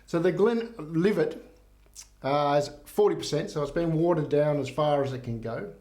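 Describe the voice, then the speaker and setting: Male whisky reviewer, chatty and profane, slightly high voice. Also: normal speed, darkish tone. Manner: rambling, loose, profane. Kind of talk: casual joke-telling and review.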